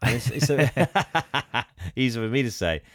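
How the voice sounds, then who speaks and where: Here a podcast co-host with a mid-range, animated voice speaks at a measured pace in a recording free of echo. He chats casually through a movie's story, laughing a lot and hamming up the characters with over-the-top voices.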